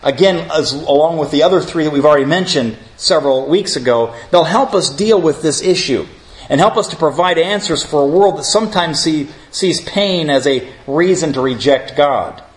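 A man's voice: fairly high pitch, moderate pace. A man leading a theology class, opening in prayer and then lecturing earnestly, calling his listeners friends. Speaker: Bible teacher.

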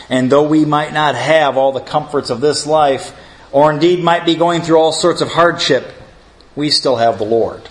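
A man's voice: mid-range voice, low-quality recording. A middle-aged man preaching a sermon, telling stories in a conversational way and rising to emphatic lists. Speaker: pastor.

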